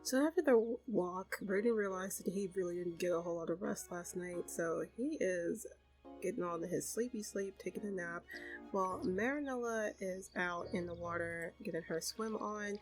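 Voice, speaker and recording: A woman's voice: on the low side, normal speed, soft background music, low-quality recording. Chatty woman narrating a game story. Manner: chatty, full of fillers like kinda and you know. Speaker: host and storyteller. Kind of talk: casual narration of a life-sim game story.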